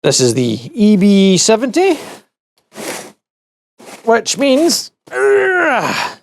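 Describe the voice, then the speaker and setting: Guy taking apart gadgets, slow and rambly, voice bounces all over, dry room sound. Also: sits high, vocal fry, dry recording. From United Kingdom. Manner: rambling, self-correcting, wry asides. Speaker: tech reviewer. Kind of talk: casual product teardown vlog.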